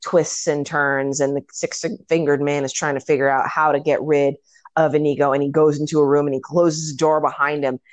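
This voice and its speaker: Woman, low voice, animated and profane film talk, close dry mic. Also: brisk, no room sound. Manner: animated, swears freely, acts out scenes. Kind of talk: casual movie discussion.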